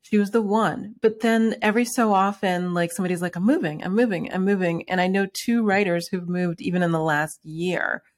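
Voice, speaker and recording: A woman's voice: on the low side, fairly even intonation, normal speed, hardly any pauses. A woman from New York City hosting an interview, talking in a rambling casual way with many restarts. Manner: rambling, many restarts and fillers, laughs often. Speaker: podcast host.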